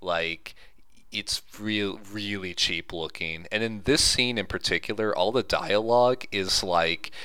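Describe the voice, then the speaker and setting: A man with a low, bright and clear voice picks apart a film in casual chat. His take is dry and critical, and he restarts his sentences as he goes. The sound is close and dry. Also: a little slow, no echo. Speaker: podcast co-host reviewing a film.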